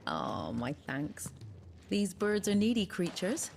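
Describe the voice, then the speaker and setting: A woman's voice: on the low side, wildly swooping pitch, slow, vocal fry, a little mellow, slight background noise, heavily acted. An actress playing a cheerful female stable keeper in a video game, chatty and homely.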